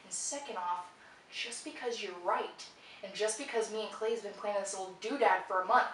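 An actress playing a domineering woman who swears and shouts orders. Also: medium pitch, moderate pace, close to an everyday voice. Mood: bossy. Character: foul-mouthed bossy woman barking orders. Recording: roomy sound from a distance, faint noise.

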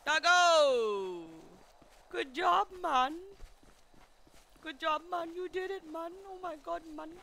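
Bright-voiced excitable woman roleplay streamer. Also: very high voice, takes it slowly, vocal fry, pauses often. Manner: excitable, chatty, narrates to her dog, loud outbursts. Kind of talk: in-character game roleplay while hunting.

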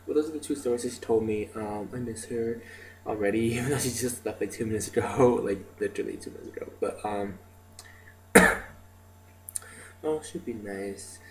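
This rough recording, with a little hiss or hum, captures a man keeping a casual video diary. His voice is fairly low and moderately paced, and his stories ramble, heavy on fillers like "like" and "um."

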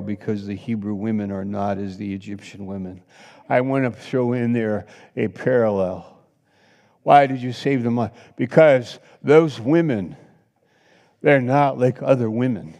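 A man pastor preaching a sermon with passion, swinging between loud exclamations and hushed asides. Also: on the low side, a little slow. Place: church sanctuary. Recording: long hall reverb.

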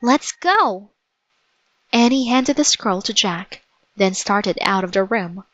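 A woman reading a children's chapter book aloud as narrator, in a slow, deliberate storytelling manner. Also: medium pitch, a bit bright, no echo, highs cut off. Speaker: storybook reader.

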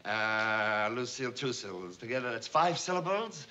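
An actor playing a brisk, bald male efficiency expert in a 1960s sitcom who barks rapid repeated commands. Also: sits high, expressive, pushed and bright, roomy sound. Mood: bossy. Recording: muffled old TV soundtrack with hiss.

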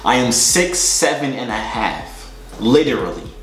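A man's voice: mid-range voice, expressive, unhurried, fairly bright tone. A young man casually answering fan questions in a joking, slangy, rambling way. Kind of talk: casual Q&A chat. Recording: echoey room.

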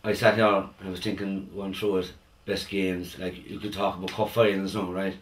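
A man's voice: low-pitched, flat delivery, normal speed, a little hiss or hum. A man, a football supporter thinking aloud in an interview. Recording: distant from the microphone.

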